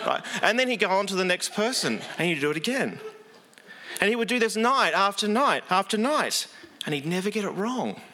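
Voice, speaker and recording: Bright, higher-voiced male preacher. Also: sing-song, fairly quick. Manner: earnest, conversational preaching with frequent fillers. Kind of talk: sermon.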